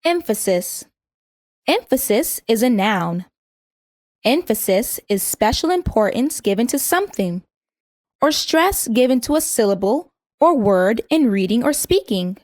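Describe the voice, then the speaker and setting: A woman reading a scripted vocabulary lesson in a measured way, saying each word twice so learners can repeat it. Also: fairly high pitch, sing-song, darkish tone, no echo, clean studio sound. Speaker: vocabulary instructor.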